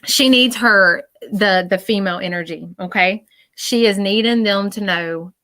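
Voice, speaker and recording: Bright-voiced chatty woman medium. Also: medium pitch, no room sound. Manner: chatty, repeats herself, often pauses to listen. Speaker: psychic medium giving readings. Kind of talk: live-stream reading.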